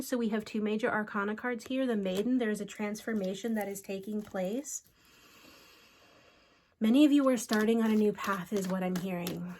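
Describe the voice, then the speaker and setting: A woman reads cards for her viewers in an earnest, unhurried way. She pauses to call out to unseen spirits before she goes back to the cards. Her voice sits at an ordinary middle pitch. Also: darkish tone, a little hiss or hum. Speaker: spiritual card reader. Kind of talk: solo channeled card reading.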